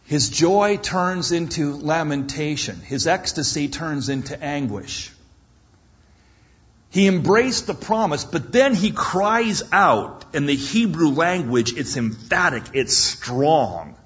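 Slow, animated male preacher. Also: on the high side, highs cut off. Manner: dramatic storytelling with jokes. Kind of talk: sermon.

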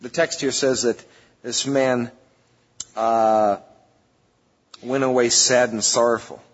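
Husky-voiced pastor preaching in a reverberant church. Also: male voice, medium pitch, fairly even intonation, slow pace. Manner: emphatic, conversational preaching with sudden rises. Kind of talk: sermon. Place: church sanctuary. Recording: dull lo-fi church recording with long reverb.

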